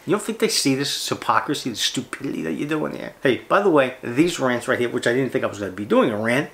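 A man's voice: mid-range voice, big pitch swings, fast, a bit bright. A man hosting a fishing channel, ranting on camera in a blunt, sarcastic, profane way. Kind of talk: ranting vlog monologue.

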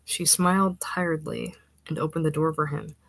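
Low, husky woman narrating a story. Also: fairly even intonation, normal speed, fairly bright tone, no room sound, low-quality recording. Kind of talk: audiobook reading of a literary short story.

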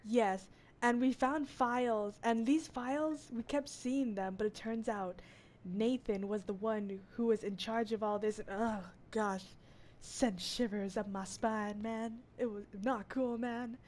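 A woman's voice: fairly high pitch, steady tone, measured pace, darkish tone, a little hiss or hum. A woman giving casual let's-play commentary, reacting aloud with strong emotion and frequent exclamations. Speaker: gamer playing a story game. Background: game music.

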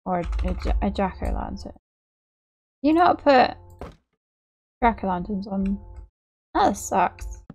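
A woman's voice: medium pitch, animated, takes it slowly, vocal fry, long pauses, darkish tone, husky, faint music behind. A young woman giving gameplay commentary as a channel host, apologetic and self-mocking, often laughing at her own work.

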